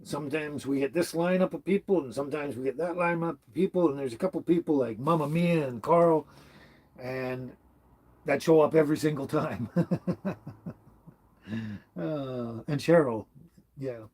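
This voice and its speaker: A man's voice: a little high, normal speed, darkish tone, slightly rough. A man in his seventies from Canada hosting a casual livestream, rambling along as he reads out viewers' comments. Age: 70s. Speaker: livestream host. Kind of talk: casual live-stream chat.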